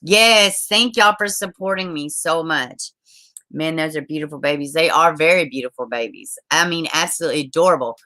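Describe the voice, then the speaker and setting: Bright-voiced woman livestreamer. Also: deep voice, moderate pace. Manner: chatty, swears, greets viewers with endearments. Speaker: livestream host. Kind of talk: casual livestream chat reading viewer comments.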